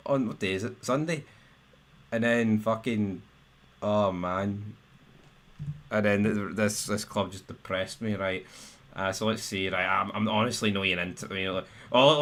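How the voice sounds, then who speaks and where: Ranting furiously on a live stream, this young Scottish football fan speaks in a bright, forceful, mid-range voice. He swears, keeps restarting his sentences, and his voice spikes sharply when he gets wound up.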